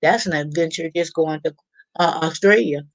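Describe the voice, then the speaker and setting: Hosting a casual live stream, a woman with a low-pitched voice reads viewers' comments aloud and rambles on, full of fillers and restarts. She talks at a moderate pace, and the recording is rough but has no echo.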